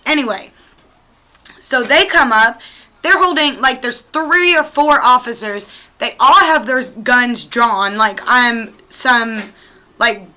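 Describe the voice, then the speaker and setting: A young woman talks to her camera at home, telling a story in a chatty, swearing, animated way. Her voice sits high and sounds bright and forward. She fills her sentences with "like" and "you know". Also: low-quality recording. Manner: chatty, profane, animated retelling with lots of "like". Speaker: vlogger.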